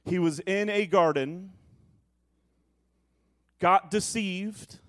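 A man with a notably high-pitched voice delivers a sermon as pastor. He swings from emphatic, proclaiming lines to hushed, wry asides to the room. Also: drawn-out words. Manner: preaching, shifting from booming to hushed asides.

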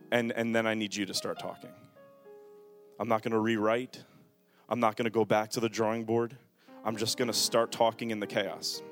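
A man preaching a sermon in a church with a handheld microphone, moving between quiet, reflective passages and loud, fervent calls to his congregation. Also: mid-range voice. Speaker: pastor. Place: church sanctuary.

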